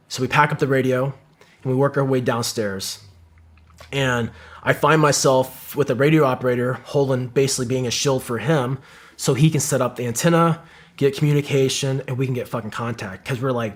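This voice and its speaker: A man's voice: mid-range voice, a little fast. A man telling an intense combat story as a podcast guest, swearing often and acting out what his teammates said. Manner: intense, profane, storytelling with quoted dialogue.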